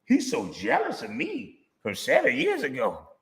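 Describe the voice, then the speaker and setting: A man's voice: huge pitch swings, a little slow, gravelly, full character voice. Man mocking a whiny, simpering grown man. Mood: whining. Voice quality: high, simpering, exaggerated. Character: whiny self-pitying grown man, mocked.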